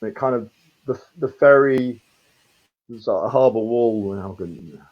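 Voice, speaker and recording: A man in his fifties, a street performer, telling a rambling, animated story and swearing freely. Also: medium pitch, a little slow, lo-fi sound. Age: 50s. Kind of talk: casual storytelling.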